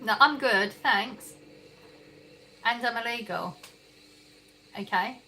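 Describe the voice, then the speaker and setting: A woman's voice: a little high, sharp tone, a little hiss or hum, poor audio. A woman with an English accent hosting a casual livestream from her kitchen, reading chat comments aloud and laughing often. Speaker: livestream host. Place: home kitchen.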